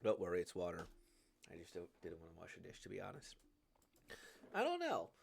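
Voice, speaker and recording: A man's voice: deep voice, wildly swooping pitch, brisk, vocal fry, slight background noise. A man hosting a casual manga reading reaction, hesitant and full of fillers, laughing often.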